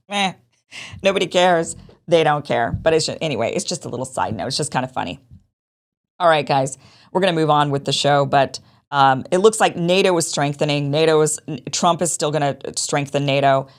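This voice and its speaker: A woman's voice: sits low, moderate pace. A woman hosting a show, giving casual political commentary in a chatty, dismissive way and repeating her points. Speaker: show host.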